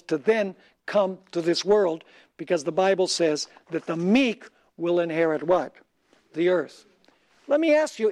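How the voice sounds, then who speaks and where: A man preaching a sermon, reading scripture slowly and asking his listeners questions, pausing for them to fill in the answers. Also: high-pitched, a little mellow. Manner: asks the audience questions and pauses for them to answer.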